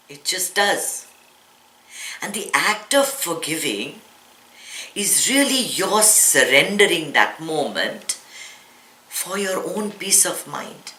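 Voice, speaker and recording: A woman meditation teacher with a lowish voice, pushed and bright, gives an earnest spiritual talk to a live audience. She explains things and often asks rhetorical questions, recorded in an echoey room with faint ambience.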